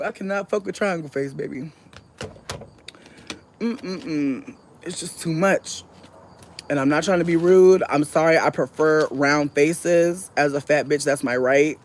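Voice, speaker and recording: A woman streamer chatting casually with her viewers, swearing freely and laughing loudly. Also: low-pitched, normal speed, pauses often. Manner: profane, animated, laughs loudly. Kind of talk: casual chat.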